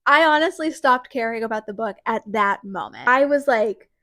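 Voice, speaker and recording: Woman vlogger, fairly high voice, dry close sound, casual and emphatic book talk. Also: moderate pace, dry recording. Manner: emphatic and animated, frequent "like". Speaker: book reviewer. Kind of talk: casual book review vlog.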